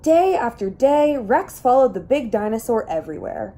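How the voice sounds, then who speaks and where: A woman's voice: fairly high pitch, big pitch swings, moderate pace, warm tone. A woman reading a children's picture book aloud, telling the story expressively and acting out the characters. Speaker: reader.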